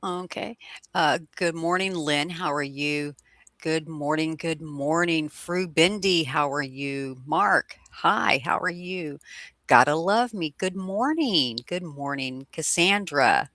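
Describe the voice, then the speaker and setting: Slow, bright-voiced woman guest. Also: low voice, no echo. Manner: relaxed, slow, with frequent fillers. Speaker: guest co-host. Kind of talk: casual livestream chat.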